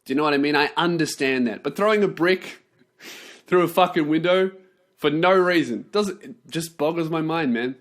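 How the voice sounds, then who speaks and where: A man ranting on his vlog, sarcastic and animated, swearing constantly. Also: fairly high pitch, normal speed. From not from the United States. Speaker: vlogger. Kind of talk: profane ranting commentary.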